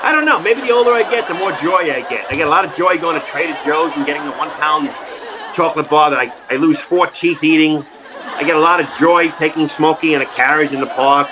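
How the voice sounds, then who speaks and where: A man's voice: a little high, fast talker, a crowd in the background, background noise. A man, an acting coach, telling self-mocking comic stories in an interview, laughing often and acting out the voices he quotes, on a video call.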